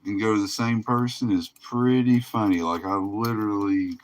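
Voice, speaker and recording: A man's voice: fairly low pitch, fairly even intonation, moderate pace. A tired man hosting a live card break stream, talking in a laid-back, drawling way and laughing often. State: tired, yawning. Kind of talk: casual livestream commentary.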